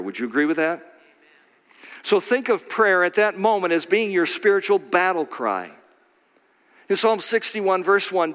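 Emphatic male preacher in a reverberant hall. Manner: dramatic swings from low hush to shouting, slow emphatic phrasing. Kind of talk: sermon.

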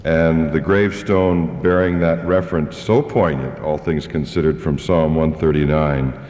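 A man moderating a public forum for radio, speaking in measured, formal phrases in a large church hall. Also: rumbling low, lively intonation, a little mellow, a little hiss or hum. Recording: echoey church hall, dull radio sound.

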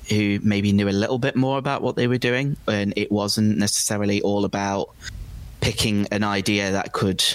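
A man's voice: lowish voice, no room sound. A man in a casual film review chat, talking with many hesitant restarts and fillers.

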